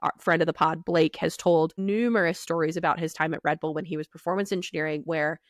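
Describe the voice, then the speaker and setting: Podcast co-host, woman, low voice, animated, quotes people in character, dry close mic. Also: quick pace, no echo. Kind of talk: casual technical chat.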